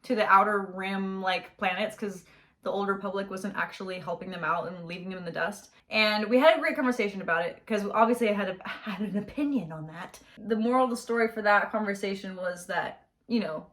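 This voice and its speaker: A young woman chatting casually in her bedroom while she does her makeup, high-energy and slangy. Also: a little fast, a bit bright. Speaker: beauty vlogger. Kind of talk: casual get-ready-with-me chat.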